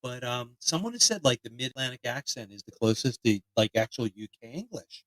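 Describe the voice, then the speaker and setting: A man from the area, hosting a casual podcast chat in a profane, rambling, animated way. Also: medium pitch, brisk, no room sound, poor audio. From Philadelphia area, US. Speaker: podcast host.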